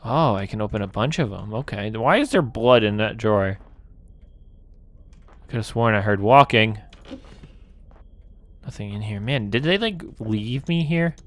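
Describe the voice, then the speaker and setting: A man with a lowish voice and no echo plays a horror game for his gaming channel. He keeps up a running commentary to himself, swearing constantly and jumping at scares.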